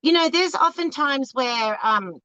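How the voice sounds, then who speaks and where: An Australian woman in her fifties with a fairly high, bright, forceful voice talks with candid, emphatic energy. She breaks into other people's voices as she speaks. The recording is dry and a little dull. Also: measured pace, no room sound. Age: 50s. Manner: emphatic, animated, acts out quoted voices. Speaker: relationship coach, podcast guest. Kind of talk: candid conversational advice.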